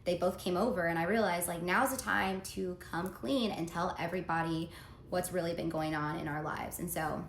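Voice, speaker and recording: A woman's voice: on the low side, steady tone, moderate pace. Lady doing a storytime vid, earnest and confiding, echoey room with faint noise behind. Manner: earnest, reads out text messages, confiding. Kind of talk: casual storytime monologue. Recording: roomy echo, faint background noise.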